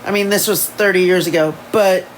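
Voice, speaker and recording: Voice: medium pitch, steady tone, a little fast, a little hiss or hum, rough recording. A livestream host chatting casually at home, rambling and second-guessing their memories, and sometimes reading a novel aloud. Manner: rambling, unsure of details, self-correcting. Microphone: phone livestream.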